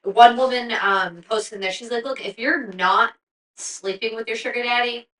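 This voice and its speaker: A woman's voice: a little high, normal speed, fairly bright tone, distant mic. A woman co-hosting a casual chat, with blunt, wry remarks. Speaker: podcast co-host. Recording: roomy sound from off mic.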